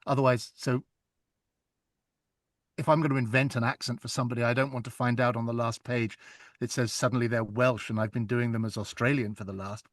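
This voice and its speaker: A man, an audiobook narrator chatting in an interview, telling stories in a lively, animated way. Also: medium pitch, brisk, no echo, clean studio sound. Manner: chatty, animated storytelling with laughs. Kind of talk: casual interview chat.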